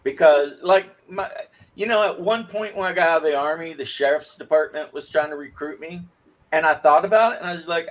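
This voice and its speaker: A man's voice: on the high side, a little fast. A man co-hosting a livestream in casual chat, telling rambling stories with stammered restarts. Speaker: livestream co-host.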